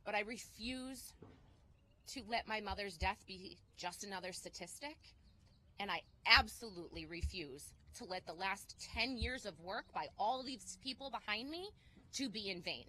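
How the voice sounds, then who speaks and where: A woman who lost her mother to gun violence, giving an urgent, forceful speech at an outdoor press conference. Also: mid-range voice, animated, normal speed, poor audio. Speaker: gun violence survivor and activist.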